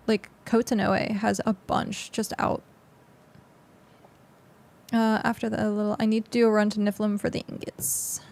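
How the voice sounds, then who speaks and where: Young woman, game streamer, loose rambling chat, slight vocal fry. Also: mid-range voice, level tone, a little slow, long pauses, darkish tone. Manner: chatty, rambling, lots of fillers. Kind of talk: casual gameplay commentary.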